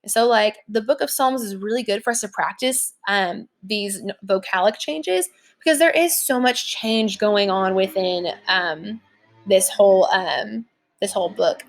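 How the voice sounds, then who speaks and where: A woman's voice: medium pitch, measured pace. A young adult woman teacher giving a casual recorded lesson from home, chatty and informal, with many fillers. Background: leaf blower outside.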